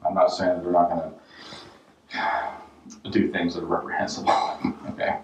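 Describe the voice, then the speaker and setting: A man's voice: low voice, level tone, measured pace, slight background noise. A man hosting a home renovation vlog, tossing out dry jokes and offhand life tips in a casual way. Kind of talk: casual joking vlog talk. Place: job site and car. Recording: roomy, distant and dull-sounding.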